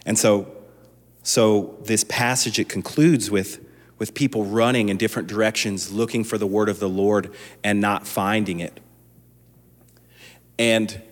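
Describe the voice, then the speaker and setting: A man preaching a sermon as a pastor, talking conversationally with frequent restarts and building to impassioned emphasis. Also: on the low side. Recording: long reverb of a large hall.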